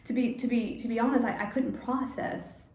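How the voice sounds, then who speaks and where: A woman telling a personal story in a vlog, halting and repeating words, getting emotional. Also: a little high, fairly even intonation, darkish tone, echoey room. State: emotional, near tears. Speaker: vlogger.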